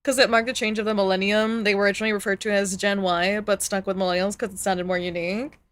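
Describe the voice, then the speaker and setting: Animated woman streamer reacting to clips. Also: medium pitch, quick pace. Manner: animated, groaning and laughing at clips. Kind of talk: casual live-stream reaction chat.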